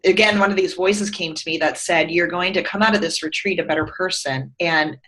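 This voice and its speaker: A woman's voice: on the low side, a little fast, rough recording. A middle-aged woman, a company founder, telling stories earnestly and expressively in a conversational interview. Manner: earnest, expressive storyteller, tearing up.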